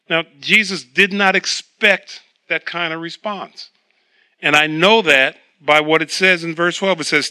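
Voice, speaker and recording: Bright-voiced man preaching a sermon. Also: on the high side, unhurried, clear, resonant tone. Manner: conversational, reading aloud and then explaining. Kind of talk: sermon with scripture reading.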